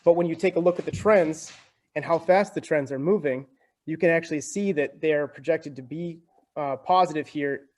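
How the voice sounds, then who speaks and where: A man's voice: fairly high pitch, moderate pace, a little mellow. A young man as a podcast guest, explaining things in a talkative, casual way and often tagging sentences with "right?" and "like". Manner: talkative, keeps adding "right?" and "like".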